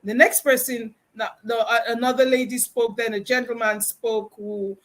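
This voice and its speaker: A woman guest on a video-call talk show, telling a story with lively, expressive delivery and acting out the lines of people she quotes. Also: on the high side, moderate pace. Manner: expressive, acts out quoted dialogue. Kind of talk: animated storytelling chat.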